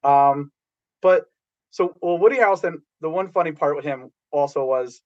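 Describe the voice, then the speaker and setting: A middle-aged man rambles through animated anecdotes about his work as a background actor, restarting many times. His voice is a little high, and the sound is lo-fi.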